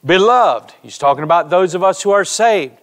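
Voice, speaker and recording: A man's voice: high voice, moderate pace. A man preaching a sermon in a church, telling stories and speaking directly to his congregation. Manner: storytelling preacher, animated, addresses congregation directly. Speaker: pastor. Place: church sanctuary.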